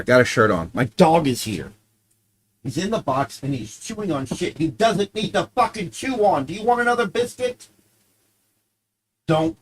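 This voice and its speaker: A man's voice: medium pitch, slight background noise, rough recording. A man streaming a game, chatting casually, swearing freely, scolding his dog and joking with viewers. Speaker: gaming streamer.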